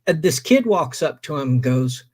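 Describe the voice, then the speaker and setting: A man's voice: a little high, normal speed, slightly rough. A man hosting a stream, casually telling a long anecdote and acting out the people in it. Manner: animated anecdote teller, acts out quoted voices. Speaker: stream host. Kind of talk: casual storytelling.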